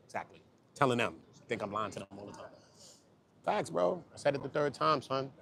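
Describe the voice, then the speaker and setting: A man livestreaming outdoors on a busy street, talking loud, joking and cursing as he hypes up people around him. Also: mid-range voice, brisk, creaky. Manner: animated, profane, joking, hypes up passersby. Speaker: livestreaming vlogger.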